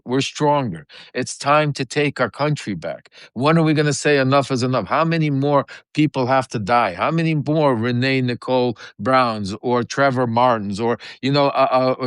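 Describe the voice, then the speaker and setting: A man's voice: mid-range voice, smooth, dry recording, clean studio sound. A man hosting a political livestream, talking urgently and rallying his viewers with repeated questions. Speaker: livestream host. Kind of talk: impassioned political talk.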